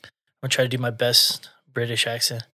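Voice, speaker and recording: A man's voice: mid-range voice, completely flat delivery, a little fast, bright, forceful tone, dry recording, studio quality. A man co-hosting a podcast, chatting loosely, swearing and laughing often. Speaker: podcast co-host. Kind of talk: casual chat.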